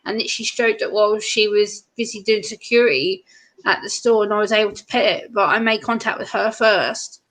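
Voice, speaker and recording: A woman's voice: mid-range voice, steady tone, fairly quick, fairly bright tone, low-quality recording. A woman chatting casually, telling a story about meeting a service dog. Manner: chatty anecdotes with fillers. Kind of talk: casual chat.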